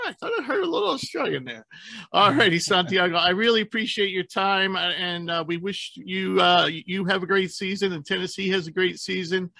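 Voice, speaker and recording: Gravelly, bright-voiced man hosting a podcast. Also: high voice, dry recording. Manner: rambling, self-correcting, laughs easily. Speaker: podcast host. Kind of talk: casual sports podcast chat.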